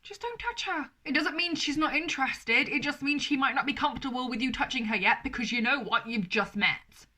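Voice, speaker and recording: Young British woman vlogger, bright and forceful, blunt, swears freely. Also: sits high, animated, brisk, hardly any pauses. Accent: British English. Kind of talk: opinion vlog to camera.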